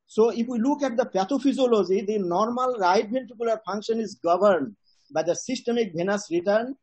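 A middle-aged man giving an academic cardiology lecture in a steady lecturing manner with some fillers. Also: high voice, husky, rough recording. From Bangladesh.

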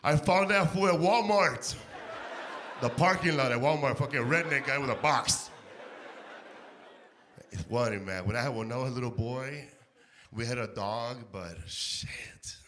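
A man's voice: mid-range voice, measured pace, long pauses. Man, stand-up comic, mid voice, brash and profane, stage mic with audible crowd noise. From Mexico. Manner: loud, profane, acts out barks and quotes. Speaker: stand-up comedian. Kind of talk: stand-up set. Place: comedy stage before a live audience.

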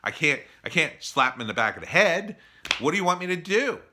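A middle-aged man telling a story in a casual opinion monologue, animated, acting out others in exasperated bursts. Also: fairly high pitch, a little fast, background noise.

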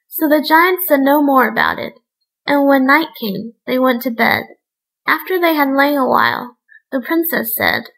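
A woman reading a fairy tale aloud as a bedtime story, in a measured storybook manner. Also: high-pitched, very animated, creaky, a bit bright, poor audio.

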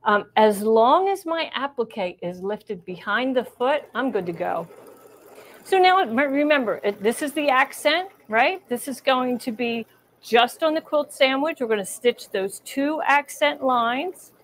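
A middle-aged woman with a fairly high voice hosts a live sewing lesson. She talks viewers through each step in a chatty, encouraging way. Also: lively intonation, measured pace, slight background noise. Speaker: embroidery instructor. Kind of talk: live-streamed sewing demonstration.

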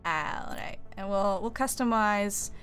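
A playful woman chats casually while playing a strategy game on a live stream, laughing often and teasing her co-host. Her voice sits at an ordinary mid pitch. Faint music runs underneath. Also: slow pace, fairly bright tone. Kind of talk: casual live-stream chat over gameplay.

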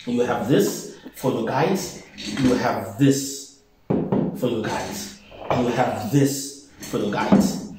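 In a mid-range, slightly mellow voice, a South African man who works as a traditional healer walks through a home brewing process. He's casual, repeating his phrases with each step shown, and the bare room of his new home echoes heavily.

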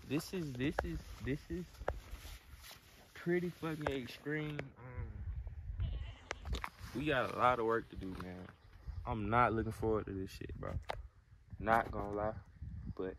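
A man's voice: fairly low pitch, steady tone, unhurried, long pauses. A young man, chatting casually and profanely to his phone camera as a vlogger. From Alabama, US. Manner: slangy, profane, rambling. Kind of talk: casual chat. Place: outdoors in rural desert. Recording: outdoor phone video with noise.

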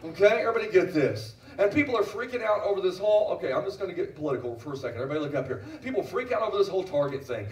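A man's voice: high-pitched, animated, racing, few pauses. A middle-aged man preaching a sermon as pastor, emphatic and repeating phrases, asking the congregation questions. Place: church sanctuary. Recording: roomy church audio from a distance.

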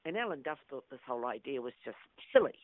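Middle-aged New actress, storyteller guest, dry tinny phone-quality audio. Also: female voice, rumbling low, quick pace, no echo. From New Zealand. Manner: lively anecdotal, acts out quotes. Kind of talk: interview storytelling.

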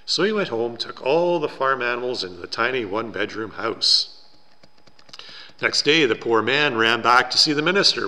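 A man preaching a sermon in a church, telling a story in an earnest, slow and deliberate way. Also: mid-range voice, expressive, sharp tone, in a large hall. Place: church sanctuary.

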